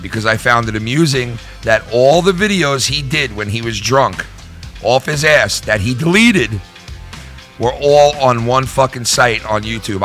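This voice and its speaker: Ranting to his viewers, a middle-aged YouTube host gets heated and profane and keeps repeating himself. His voice is medium in pitch and a little bright.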